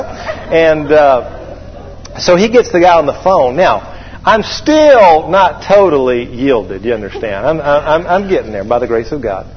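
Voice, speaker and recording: A man preaching a sermon, telling a folksy personal story with animated delivery and drawing call-and-response from the congregation. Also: medium pitch, moderate pace, long reverb tail, highs cut off, a little hiss or hum.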